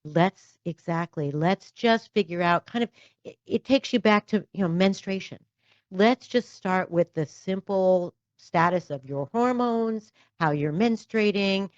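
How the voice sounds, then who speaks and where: Low-voiced woman hosting a podcast. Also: a little slow, a little mellow, dry recording, muffled recording. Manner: thoughtful, frequent "you know" asides. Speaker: podcast host, doctor. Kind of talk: conversational interview.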